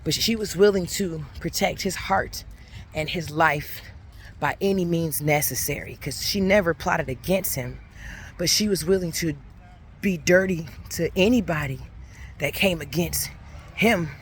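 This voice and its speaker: A woman's voice: fairly low pitch, unhurried. A woman tells a personal story in an earnest, conversational way. She rambles, backtracks and restarts her sentences as she talks. Faint traffic noise sits in the background. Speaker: faith vlogger. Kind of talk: casual spoken reflection and storytelling.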